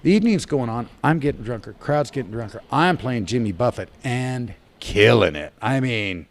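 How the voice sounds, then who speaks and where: Animated man telling a barroom tale. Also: medium pitch, moderate pace. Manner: animated storyteller, swinging loud and soft. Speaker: podcast guest. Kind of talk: storytelling on a podcast.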